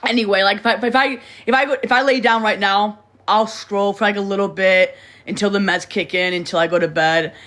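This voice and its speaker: A woman's voice: medium pitch, steady tone, fairly quick, hardly any pauses, fairly bright tone. A young woman talking casually to her livestream viewers, rambling and restarting sentences, blunt and swearing freely. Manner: rambling, repeats words and restarts often.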